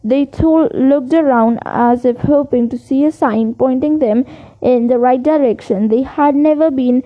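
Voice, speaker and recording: A woman with a high voice reads a novel aloud. She often trips over words and corrects herself, and the recording sounds dull and lo-fi. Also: measured pace. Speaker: reader.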